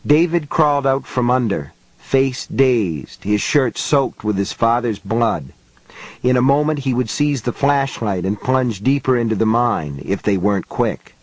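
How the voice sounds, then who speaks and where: A man reading an audiobook as the narrator, with measured, unhurried storytelling. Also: mid-range voice, expressive, no room sound, poor audio. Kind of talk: scripted narration.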